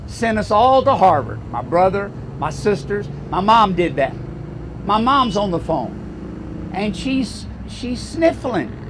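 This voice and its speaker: A man's voice: high voice, big pitch swings, slow pace, noisy background. An older man from Louisiana with a Southern American accent, giving a folksy, rousing campaign speech full of stories. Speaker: political speaker.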